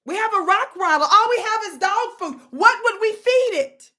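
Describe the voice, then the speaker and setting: A panicked mother calls out in a shrill, strained, piercing voice, as a woman storyteller puts her on. She sounds frantic and pleading. Her pitch sits very high and bright. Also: animated, moderate pace, heavily acted. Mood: bewildered.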